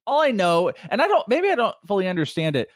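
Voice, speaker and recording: A man co-hosting a sports talk show, laughing often and halting with fillers as he tells stories. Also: high voice, huge pitch swings, no room sound, studio quality. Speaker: sports radio host. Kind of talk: casual sports talk banter.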